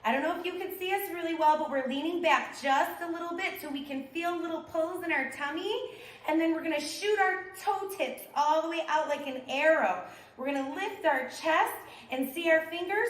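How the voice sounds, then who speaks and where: A woman's voice: extremely high pitch, moderate pace, roomy sound. A woman leading a children's yoga class, coaching the kids in an upbeat, sing-song way.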